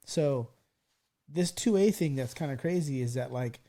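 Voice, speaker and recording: A man's voice: mid-range voice, expressive, measured pace, mellow. A man in his forties hosting a casual podcast, telling stories animatedly and swearing freely. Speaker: podcast host. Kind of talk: casual chat.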